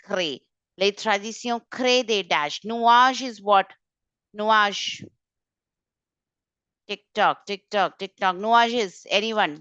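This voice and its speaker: A woman teaching French vocabulary in an online exam-prep class, brisk and corrective, often repeating key points. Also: mid-range voice, a bit bright, no room sound. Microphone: video call.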